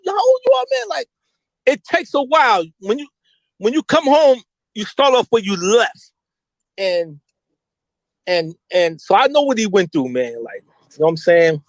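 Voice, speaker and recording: On a poor audio recording with no echo, a middle-aged man with a high-pitched voice appears as an interview guest. He tells street stories candidly and animatedly, using lots of slang and mimicking voices when he quotes people.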